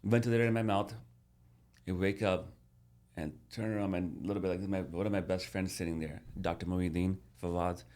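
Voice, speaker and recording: A man in his thirties speaks as a podcast guest, with a fairly low voice. He tells his story casually and animatedly, repeating words and restarting often. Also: steady tone, a little fast, a little mellow.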